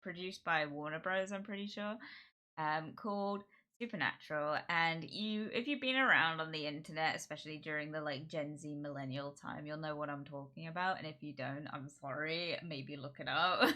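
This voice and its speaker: A woman's voice: deep voice, moderate pace, bright, forceful tone. A woman livestreamer chatting casually indoors at home, rambling and giggling often. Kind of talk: casual stream chat.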